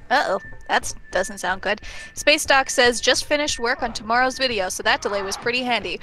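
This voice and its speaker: A woman's voice: fairly high pitch, a little fast, sharp tone, soft background music. A woman co-hosting a casual live stream, teasing dryly and reading out chat messages. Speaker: co-host.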